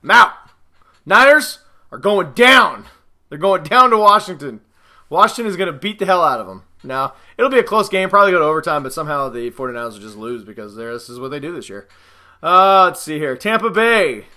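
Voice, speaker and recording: A man's voice: on the high side, sing-song, quick pace, bright, forceful tone. A man casually rambling through his football picks, joking and sarcastically trash-talking players and teams. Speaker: podcast host giving football predictions.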